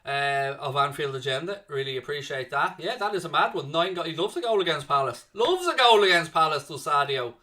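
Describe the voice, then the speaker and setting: A man's voice: on the high side, brisk, few pauses. A young man hosting a live fan watchalong, calling the play and chatting with viewers in between. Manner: chatty, excitable play-by-play, reads chat messages aloud. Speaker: watchalong commentary host. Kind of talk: live fan commentary and chat reading.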